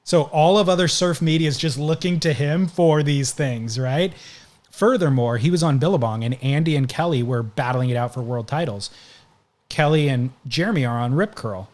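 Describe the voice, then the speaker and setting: A man's voice: fairly high pitch, normal speed, darkish tone. A man hosting a podcast, casually recounting stories at length in conversation. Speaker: podcast host.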